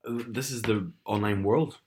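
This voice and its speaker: A young man talks through an anecdote in easy, casual chat. His voice sits fairly low, and he laughs often as he tells it with dry, wry humour. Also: moderate pace, a little mellow, slight background noise. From Northern Ireland.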